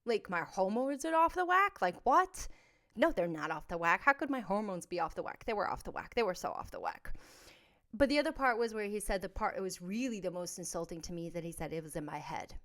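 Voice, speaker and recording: A woman hosting a podcast, telling a personal story in a candid, blunt and emphatic way, moving between soft asides and loud outbursts. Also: on the low side, expressive, quick pace. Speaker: podcast host.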